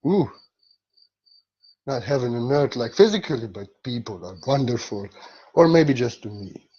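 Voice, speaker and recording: A man giving a gentle, rambling spiritual talk in halting, non-native English. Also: mid-range voice, lively intonation, slightly rough, muffled recording. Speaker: spiritual teacher.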